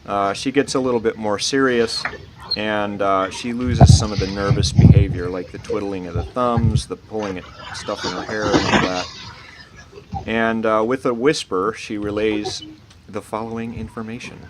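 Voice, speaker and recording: A man narrates scenes for his players as dungeon master, his voice sitting a little low. He stops often with uh and restarts his sentences. A clear hiss of noise runs under the online call. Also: fairly even intonation, moderate pace. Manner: hesitant, many uh fillers, laughs at odd names. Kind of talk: narrating a tabletop game. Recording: noisy online voice chat.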